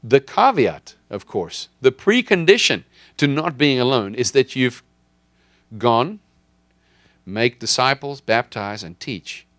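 A man's voice: medium pitch, very animated, slow pace, fairly bright tone, no echo. A man preaching a sermon as pastor, speaking emphatically and repeating key lines for his listeners.

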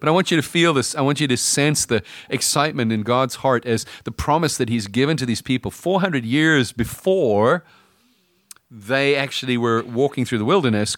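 A man's voice: mid-range voice, moderate pace, a bit bright, no room sound, clean studio sound. A middle-aged man preaching a sermon in a conversational way, telling stories and acting out bits of dialogue. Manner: conversational storytelling, acts out dialogue. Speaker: pastor.

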